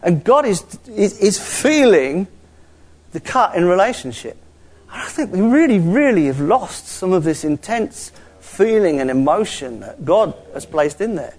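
A man preaching a sermon, swinging between quiet asides and rising exclamations. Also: high voice, sing-song, measured pace.

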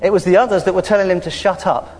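Male preacher with a high voice, chatty and animated, recorded with long hall reverb. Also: quick pace, soft background music. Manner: lively, conversational preaching with frequent hallelujahs. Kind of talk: sermon. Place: church hall.

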